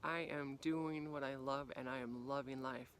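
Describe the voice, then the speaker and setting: Speaking to camera in freezing outdoor weather, a life coach delivers motivation with animated energy, playing out little scenes through sharp swings in pitch and loudness and going gentle and hushed when reflecting. She talks at normal speed, with a little hiss or hum.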